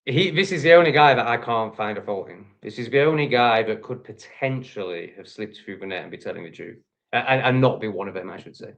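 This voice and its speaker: A man's voice: on the low side, brisk, vocal fry, a bit bright. Profane ranting English man. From England. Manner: profane, heated, repetitive ranting. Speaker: livestream host. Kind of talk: angry livestream rant.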